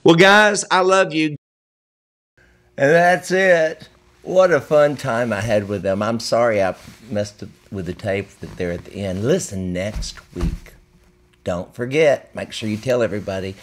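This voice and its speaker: Male host, folksy, joking, mid-pitched voice, casual chat. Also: a little slow. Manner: joking, folksy, teasing the guests. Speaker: talk show host. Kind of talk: casual chat and sign-off on a web show.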